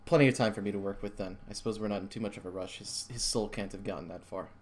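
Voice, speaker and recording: A man voicing a calm old male shaman in a tabletop game, quiet and measured. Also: on the low side, lightly acted.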